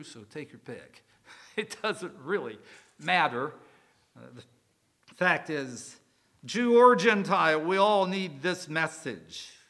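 A man preaching to his congregation in a relaxed, conversational way, often asking the listeners questions. His voice sits high for a man and has a bright, clear edge. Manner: conversational, asks the congregation questions, uses some fillers. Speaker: pastor. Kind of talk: sermon.

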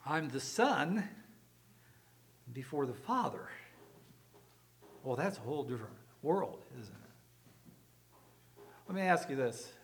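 A man's voice: on the high side, big pitch swings, unhurried, pauses often. A man preaching a sermon as pastor, emphatic and explanatory, often asking the congregation rhetorical questions. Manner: emphatic preaching with rhetorical questions, repeats words when restarting.

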